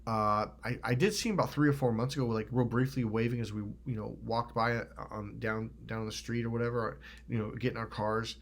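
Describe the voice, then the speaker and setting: A middle-aged man from Northern California giving a casual motivational monologue. He swears freely and is animated. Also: medium pitch, brisk, hardly any pauses. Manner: animated, swears freely, acts out other people's lines. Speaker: self-help vlogger.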